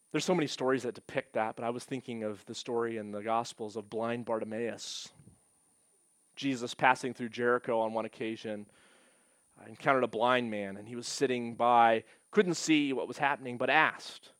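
A male pastor preaching in an earnest, steady way. His voice sits at an ordinary pitch and climbs when he reads scripture aloud. The sound is dry, with little room echo. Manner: slows down to stress key points. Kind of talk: sermon.

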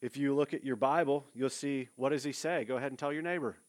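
A man's voice: medium pitch, fast talker. A male pastor preaching a sermon, casual and direct, with fillers and asides to the congregation. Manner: conversational preaching with fillers, addresses listeners directly.

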